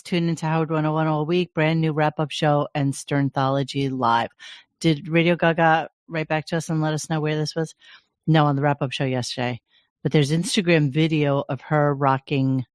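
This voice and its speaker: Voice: mid-range voice, fairly even intonation, normal speed, no room sound, clean studio sound. A podcast host in casual chat, chatty and rambling, with laughing asides.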